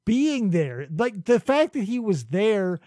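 A man's voice: high-pitched, sing-song, takes it slowly, mellow, no echo, studio quality. A man hosting a casual podcast, ranting animatedly about a film and swearing freely. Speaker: podcast host.

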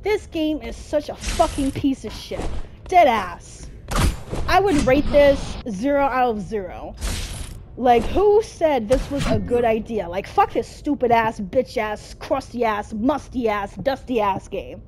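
A woman's voice: a little high, lively intonation, measured pace, background noise. A woman giving frustrated gameplay commentary, cursing at the game nonstop. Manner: constant angry cursing at the game. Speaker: gamer.

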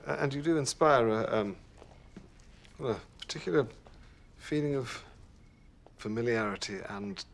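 A middle-aged man with an English accent playing a flustered, stammering gentleman in a TV drama. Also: medium pitch, measured pace, creaky, long pauses. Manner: hesitant, stammering.

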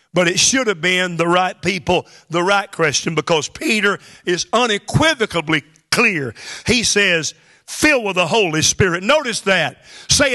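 Male pastor, high ringing voice, emphatic preaching with shouted peaks. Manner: preaching with rising emphatic bursts and exclamations. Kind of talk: sermon. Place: church hall.

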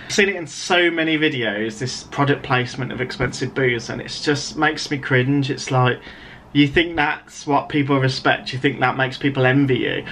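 A man's voice: medium pitch, moderate pace, a bit bright, a little hiss or hum. An English man in his thirties, a writer, ranting in a video commentary in an exasperated, sarcastic, rambling way. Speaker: writer vlogger.

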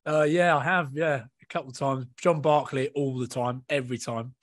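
A rugby player on a podcast panel, chatting casually and telling animated, laughing stories with acted-out quotes. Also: male voice, medium pitch, normal speed, no echo, clean studio sound.

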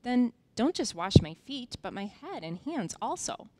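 A woman's voice: fairly high pitch, sing-song, unhurried, darkish tone, voice pushed up. A woman reading the part of a devoted, impulsive male disciple aloud for children, in an earnest, slightly raised voice.

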